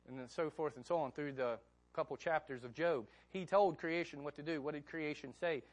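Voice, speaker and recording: Male pastor, slightly high, animated, chatty sermon delivery. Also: brisk. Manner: conversational, animated, asks the congregation questions.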